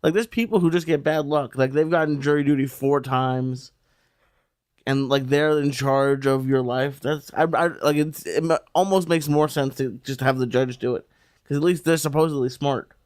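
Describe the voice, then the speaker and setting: A man's voice: mid-range voice, fairly even intonation, normal speed, a little mellow, clear, resonant tone, dry recording, studio quality. A man chatting casually on a podcast, rambling with many "like" fillers. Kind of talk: casual chat.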